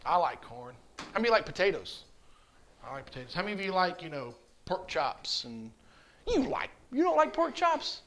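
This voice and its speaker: A man's voice: high voice, sing-song, moderate pace, a bit bright, slight background noise. A man teaching a children's communion class, coaxing answers with repeated questions. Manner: coaxing, asks questions over and over. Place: church classroom.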